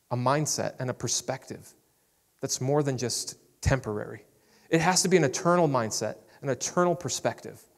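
Casual male pastor in a reverberant hall. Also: medium pitch. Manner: casual, conversational preaching with frequent "man" and "I love". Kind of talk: sermon. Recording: long reverb of a large hall.

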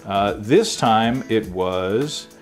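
A man's voice: lowish voice, expressive, very slow, soft background music. A man hosting a home brewing show, explaining in a rambling casual way with many fillers and restarts. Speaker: show host. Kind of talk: casual chat.

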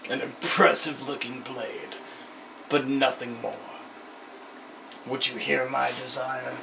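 A man voicing a menacing male villain lord in a low, hushed tone over game music. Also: level tone, slow pace, vocal fry, far from the mic, noisy background.

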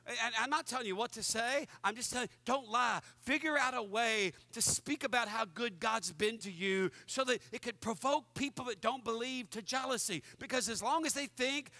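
A man preaching a lively sermon to his congregation and acting out the voices he quotes. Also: very high voice, normal speed, no echo. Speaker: pastor.

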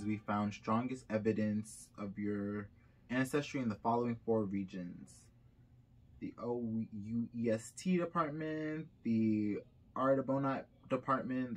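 A young Haitian-American man vlogging casually, reading results aloud with chatty asides while a bit sick. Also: medium pitch. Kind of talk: casual vlog reaction.

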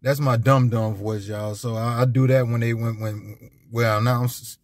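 A man's voice: medium pitch, fairly even intonation, moderate pace, no echo, studio quality. A man giving an emphatic, repetitive, preachy monologue as a vlogger. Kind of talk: casual ranting monologue.

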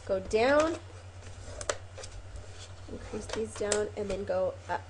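A woman's voice: mid-range voice, expressive, slow, pauses often, background noise. A woman hosting a casual craft tutorial, chatty and rambling with frequent ums and self-corrections, a little sniffly from a cold. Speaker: craft video host.

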